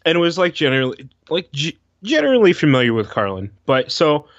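A man co-hosting a podcast in casual chat, halting and restarting with many fillers. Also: fairly high pitch, big pitch swings, no room sound. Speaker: podcast co-host. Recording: dull, lo-fi, dry sound.

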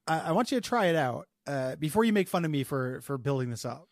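A man's voice: on the high side, animated, fast, dry recording, studio quality. A man co-hosting a podcast in casual comedic banter, rambling loosely with crude jokes. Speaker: podcast co-host.

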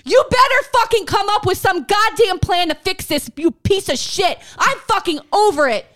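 A woman's voice: extremely high pitch, normal speed, a bit bright. A woman podcast co-host ranting angrily in casual chat, swearing constantly.

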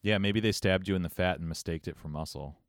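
A man co-hosting a casual chat, ribbing his partner in a deadpan, teasing way. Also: sits low, quick pace, dry recording, studio quality.

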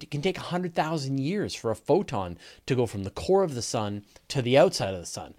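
A man with a Canadian accent hosting a casual live question-and-answer show, talking in a rambling way with lots of fillers and restarts. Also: medium pitch. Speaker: host.

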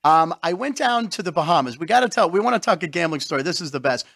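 A man's voice: a little high, animated, quick pace, vocal fry, a bit bright. A middle-aged man hosting a talk show, joking, dropping names and egging his guest on to tell stories. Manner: jokey, name-dropping, eggs guests on. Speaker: host. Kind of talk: casual talk show chat.

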